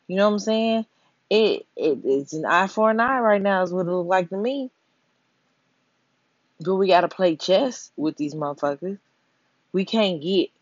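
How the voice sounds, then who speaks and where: A blunt, emphatic speaker rants to the audience with plenty of profanity and keeps checking in with "you know what I'm saying". The voice sits mid-pitch, and the audio is dull, lo-fi and dry. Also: no room sound. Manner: blunt, emphatic, addresses listeners directly. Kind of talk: profane social-commentary rant to camera.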